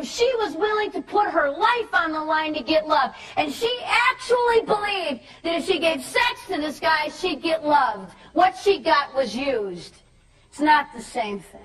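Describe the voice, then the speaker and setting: A woman youth speaker giving an impassioned religious talk to students, emphatic and preachy, stressing points with shouts and slow drawn-out words. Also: high voice, far from the mic, low-quality recording.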